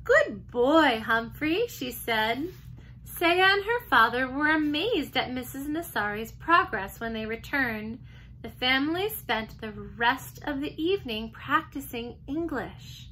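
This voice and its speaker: A teacher reading a children's chapter book aloud, gentle and expressive. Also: female voice, high-pitched, unhurried, slight background noise, rough recording. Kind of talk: storybook read-aloud.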